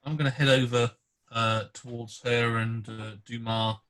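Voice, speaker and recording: A man's voice: mid-range voice, little pitch movement, unhurried, fairly bright tone. A man playing a tabletop game, casually describing his character's movement over a video call. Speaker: player.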